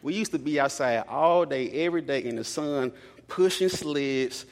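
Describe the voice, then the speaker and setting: A man's voice: a little high, normal speed. A young man preaching a sermon in a casual, conversational way, telling stories and repeating lines for emphasis. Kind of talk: storytelling sermon. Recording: long hall reverb.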